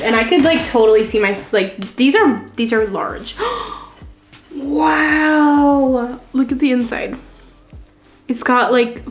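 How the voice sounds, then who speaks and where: A woman's voice: a little high, slight background noise. Gushing young woman in an echoey room. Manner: gushing, excitable, laughs often, says "oh my God" a lot. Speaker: vlogger unboxing a subscription box. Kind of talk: casual unboxing chat. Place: home room, seated on a chair.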